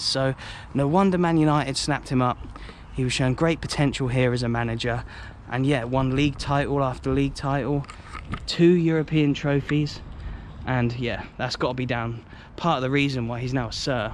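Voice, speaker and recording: A man's voice: medium pitch, fairly even intonation, brisk, hardly any pauses. A young British man chatting enthusiastically through a walking vlog outside a stadium, with jokey asides. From United Kingdom. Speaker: football travel vlogger. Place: outdoors by a stadium in a city. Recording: outdoor street noise.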